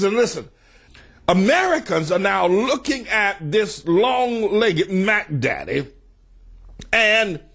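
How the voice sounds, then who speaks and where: Husky, high-pitched shouting preacher man. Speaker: pastor. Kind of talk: fiery political sermon.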